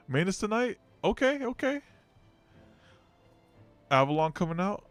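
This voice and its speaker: A man streaming a story game, chatting casually and excitably with viewers between story reads. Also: a little high, unhurried, long pauses, clean tone, soft background music. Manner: casual, excitable, joking with chat. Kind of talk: live game playthrough chat.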